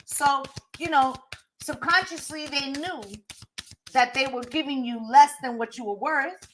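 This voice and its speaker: A woman talks through a tarot reading in a loose, emphatic way. She swears freely and keeps asking "right?" Her voice is bright and fairly high. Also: a little slow, slight background noise, poor audio. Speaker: tarot reader. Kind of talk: casual spoken tarot reading.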